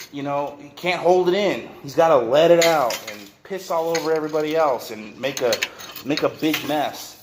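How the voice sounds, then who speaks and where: A man's voice: a little high, reverberant, noisy background. A man ranting to camera in a workshop, rambling, repeating himself and cursing as he goes. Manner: rambling, profane, repeats and restarts. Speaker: vlogger. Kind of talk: rant to camera.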